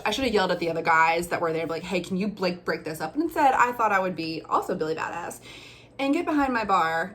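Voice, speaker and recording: A young woman tells a story straight to camera in a loose, chatty way, circling back and restarting as she goes. Her voice sits a little low for a woman. A faint ambient hum lingers behind her. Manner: chatty, many fillers and restarts. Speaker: storyteller, former bartender. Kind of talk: casual storytelling vlog.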